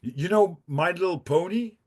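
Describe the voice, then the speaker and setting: In a casual storytelling moment, a podcast guest from the Netherlands spins a rambling, foul-mouthed tale, laughing and restarting as he goes. His voice is high-pitched with a darkish tone, at normal speed.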